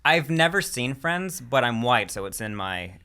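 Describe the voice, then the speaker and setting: A man chatting casually on a comedy podcast with deadpan jokes. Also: mid-range voice, a little slow, clean tone.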